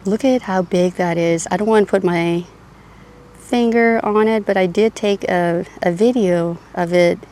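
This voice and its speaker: A woman's voice: medium pitch, unhurried, a little mellow. A woman giving a casual, enthusiastic tour of her garden, chatty with small restarts. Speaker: garden vlogger. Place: outdoor home garden. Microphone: clip-on mic. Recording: outdoor mic with faint AC hum. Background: air conditioner hum.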